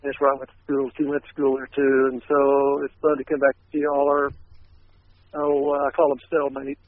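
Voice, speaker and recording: A man's voice: mid-range voice, completely flat delivery, a little fast, no echo. Guest man on a tinny phone line. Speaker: guest musician. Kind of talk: casual radio interview.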